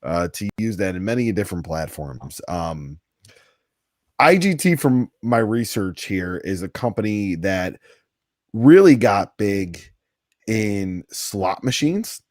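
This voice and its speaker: A man's voice: lowish voice, very animated, slow, darkish tone, dry recording, clean studio sound. A man co-hosting a podcast, going over news items in a casual chat with easy laughs. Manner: reads out news items, then chats with a laugh. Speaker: podcast co-host.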